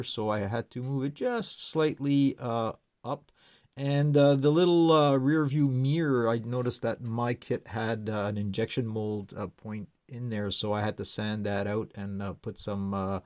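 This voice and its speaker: A man's voice: mid-range voice, a little mellow. Man walking through a model build. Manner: unhurried, explains step by step, frequent "uh" fillers. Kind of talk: casual build walkthrough.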